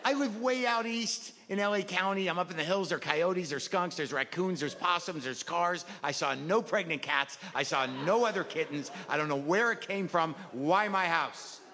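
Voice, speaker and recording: A man's voice: high voice, moderate pace, hardly any pauses, sharp tone. A male stand-up comedian, rambling and neurotic, self-deprecating and profane, seated on a stage before a live audience. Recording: live hall recording with crowd laughter.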